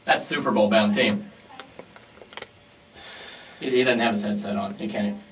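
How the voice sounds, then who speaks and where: A male radio co-host keeps the show moving with casual on-air banter and meek apologies. His voice sits at an average pitch, a little off the mic, with faint noise in the studio. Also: fairly even intonation, measured pace, far from the mic, rough recording. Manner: joking, then meekly apologetic.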